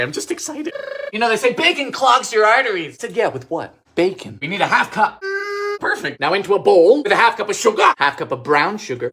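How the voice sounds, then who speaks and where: Lively sarcastic young man cooking. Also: high voice. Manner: dry, sarcastic quips with sudden shouted outbursts. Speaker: vintage recipe baking show host. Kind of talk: comedic cooking narration.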